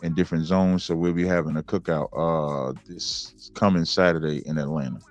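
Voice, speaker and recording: A man talking as a guest on a podcast, telling stories in a relaxed, drawn-out way. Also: rumbling low. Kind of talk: casual podcast interview.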